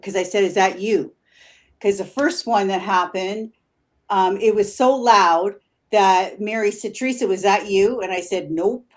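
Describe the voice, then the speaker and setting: On a live stream, a woman guest who investigates the paranormal talks through her evidence in an eager, rambling way, laughing often. Her voice is medium-pitched and her pace measured.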